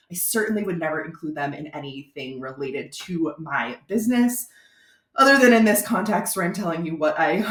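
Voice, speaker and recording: A woman from Florida, a brand strategist giving a casual, chatty video tutorial to speakers. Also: on the low side. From Florida, USA. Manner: chatty, conversational, informal. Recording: roomy echo.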